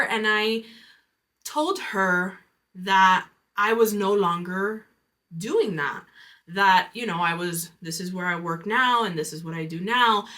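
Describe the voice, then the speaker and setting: A woman's voice: medium pitch, takes it slowly, pushed and bright. A woman hosting a podcast, telling a personal story in a candid, reflective way with casual fillers. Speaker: podcast host.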